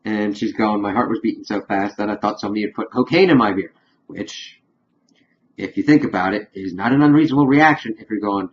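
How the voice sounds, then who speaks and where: A man's voice: on the low side, brisk, a little hiss or hum. Man rambling through a lo-fi episode recap. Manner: rambling retelling with "of course" fillers, quoting characters loosely. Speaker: TV episode reviewer.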